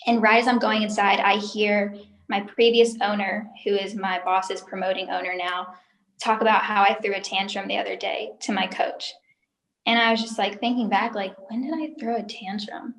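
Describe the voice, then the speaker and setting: A woman's voice: mid-range voice, level tone, normal speed, fairly bright tone. Emotional young woman in an echoey room. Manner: emotional, talkative, lots of "like" fillers. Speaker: interview guest, former sales recruiter. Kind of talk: candid personal story in an interview.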